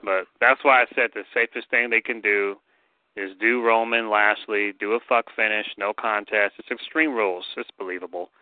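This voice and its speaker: A man's voice: on the low side, steady tone, normal speed, dry recording. A man giving blunt, opinionated takes in casual podcast chat. His voice sounds tinny and narrow, like a phone line. There is little room sound around it. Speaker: podcast co-host.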